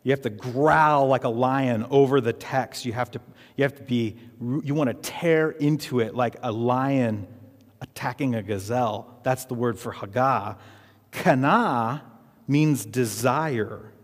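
A man's voice: mid-range voice, measured pace. A man preaching a sermon as pastor, emphatic and repetitive, leading the congregation in call-and-response. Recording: reverberant hall.

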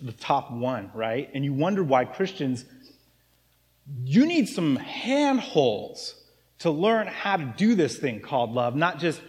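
A man's voice: fairly high pitch, very animated, slow, long reverb tail. A man preaching a casual, joking sermon as pastor of a church. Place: church sanctuary.

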